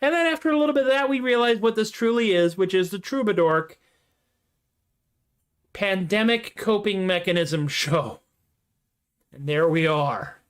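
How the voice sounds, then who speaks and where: A man's voice: high-pitched, normal speed, pauses often, clear, resonant tone. A man hosting a home livestream of comedy songs, chatting in a playful, self-deprecating, rambling way. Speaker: host and singer-songwriter. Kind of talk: casual livestream chat between comedy songs. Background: acoustic guitar strumming.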